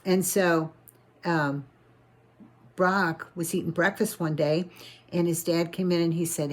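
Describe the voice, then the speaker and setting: A woman telling a children's story in a homespun, folksy manner, circling back and restarting phrases as she goes. Her voice sits somewhat low for a woman. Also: fairly even intonation, measured pace, long pauses.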